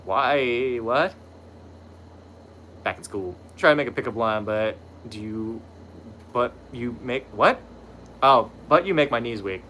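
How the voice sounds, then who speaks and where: A man's voice: mid-range voice, lively intonation, slow pace, pauses often, sharp tone, a little hiss or hum. A young man streaming, casually chatting with viewers, reading their messages aloud and swearing freely as he laughs at his own slip-ups.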